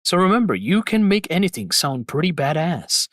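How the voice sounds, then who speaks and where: Speaking at a normal pace with big pitch swings, this slightly high-voiced man rambles enthusiastically to his stream chat about voice acting and games. It's a casual live-stream hosting session, captured in studio quality without echo.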